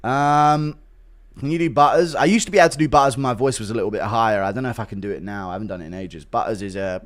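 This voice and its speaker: A man's voice: medium pitch, fast. A man streaming and chatting casually with viewers, joking crudely and swearing freely.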